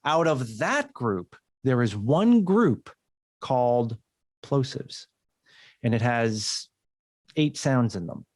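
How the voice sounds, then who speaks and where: A man's voice: medium pitch, expressive, takes it slowly, long pauses, darkish tone, no echo, clean studio sound. A man from the United States, a communication coach, talking as a podcast guest. He explains things at length and often restarts his phrases. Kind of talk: casual interview conversation.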